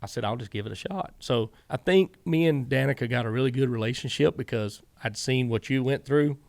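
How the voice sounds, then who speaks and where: A man's voice: medium pitch, brisk, gravelly, a little mellow, no room sound. A middle-aged man with a Southern US accent, a guest in an interview, telling long rambling stories and quoting himself and others. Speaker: guest, former racing crew chief. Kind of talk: casual storytelling interview.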